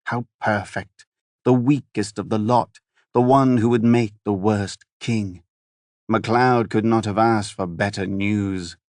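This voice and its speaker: A man with a lowish voice narrates a fantasy audiobook. He keeps an even, measured storytelling pace and drops softer on quiet lines. The sound is close and dry. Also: no echo. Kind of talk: scripted narration.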